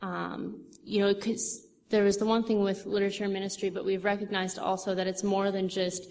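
A woman's voice: medium pitch, little pitch movement, normal speed, creaky, a little mellow. Rambling young woman in a reverberant hall. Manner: chatty, rambling with fillers and restarts. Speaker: church speaker. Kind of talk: testimony talk. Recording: long hall reverb, faint noise.

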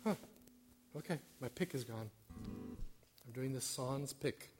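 A man's voice: mid-range voice, slow pace, music in the background. A middle-aged man giving an informal sermon as a church stewardship director, self-deprecating and hesitant, with many fillers.

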